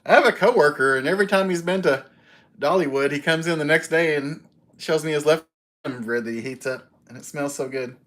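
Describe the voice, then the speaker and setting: A man's voice: fairly high pitch, a bit bright, rough recording. Chatty man greeting live viewers. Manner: talks fast. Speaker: livestream host. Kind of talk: casual live stream chat. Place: home kitchen.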